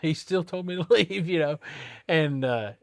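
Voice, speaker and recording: A man's voice: a little high, unhurried, vocal fry, no room sound, studio quality. A man who works at a tire shop, telling a story in a casual chat, plain-spoken and acting out the people he quotes. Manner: animated, acts out quoted people with a raised voice; plain-spoken, loose grammar.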